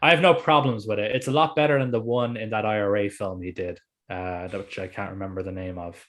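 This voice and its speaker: Dude on a film podcast, bit of a low voice, swears a lot, gets fired up telling stories. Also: male voice, fairly quick. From Ireland. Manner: animated, swears freely, tells stories. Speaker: podcast co-host. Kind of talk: casual film chat.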